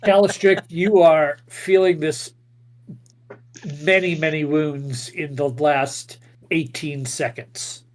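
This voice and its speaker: Male game master, higher register, casual and jokey in his gore. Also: fairly even intonation, slow. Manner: laughs often, describes gory combat casually. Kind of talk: narrating a tabletop game.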